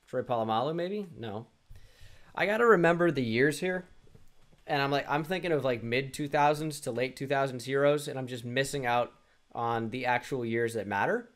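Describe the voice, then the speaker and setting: Seated at a desk mic, a young gaming YouTuber chats to himself at a moderate pace while playing a sports quiz. His voice is an ordinary middle pitch, and he mutters, restarts often and teases himself about his misses in a self-deprecating way.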